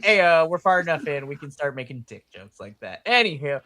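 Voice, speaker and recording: A woman co-hosting a podcast in casual chat, excitable and laughing often, with plenty of swearing. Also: low-pitched, brisk. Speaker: podcast co-host.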